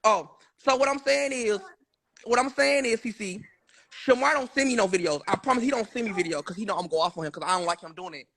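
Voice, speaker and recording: High-pitched, fast, gravelly man swearing oaths. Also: a bit bright. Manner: insistent, swears oaths repeatedly, profane. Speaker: live-stream guest. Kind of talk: heated live-stream argument.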